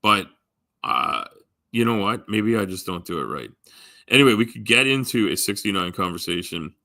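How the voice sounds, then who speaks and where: A man's voice: fairly low pitch, animated, moderate pace, gravelly, bright, forceful tone, dry recording, clean studio sound. A man rambling casually to his live stream chat, full of ums, restarts and offhand swearing.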